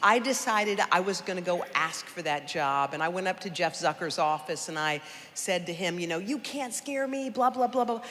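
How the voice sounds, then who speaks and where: A middle-aged woman telling her story in a hall. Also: fairly low pitch. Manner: lively, conversational, addresses the audience directly. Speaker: guest speaker at a charity gala. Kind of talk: personal storytelling speech. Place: large event hall. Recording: echoey large hall, faint noise.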